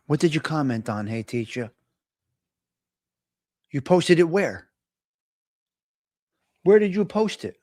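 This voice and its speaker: A man's voice: a little high, very animated, slow, long pauses, darkish tone, dry recording, studio quality. Chatty man hosting a live stream. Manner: chatty, laughs often, teasing, ad-libs. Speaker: live stream host reading viewer comments. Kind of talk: casual live stream chat.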